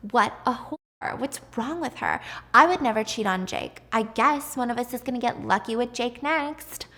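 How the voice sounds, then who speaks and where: A woman voicing catty high-school girls gossiping in a sneering, mocking tone, in an echoing room. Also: normal speed, sharp tone. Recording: long echoey room reverb.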